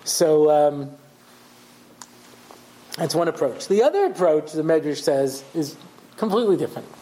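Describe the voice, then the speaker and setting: With a fairly high voice, big pitch swings and a dark tone, the rabbi speaks at normal speed through a low-quality recording. He teaches his Torah class conversationally, acting out story voices and asking listeners "yeah?".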